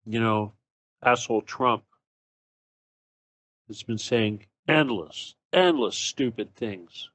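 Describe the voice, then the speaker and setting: A man's voice: fairly low pitch, slow, pauses often, a bit bright, dry recording. Profane, angry man ranting, dry sound. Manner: sarcastic, mocking. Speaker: show host. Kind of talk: solo political rant.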